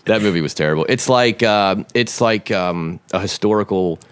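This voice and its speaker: Brief: deep male podcast host, animated, profane, dry close recording. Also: normal speed, clean tone, dry recording. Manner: profane, animated storyteller who acts out quotes. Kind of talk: casual chat.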